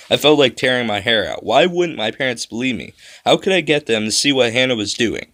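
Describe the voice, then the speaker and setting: A man's voice: medium pitch, lively intonation, brisk, sharp tone, no echo. A man narrating a first-person spooky children's story with a dramatic delivery.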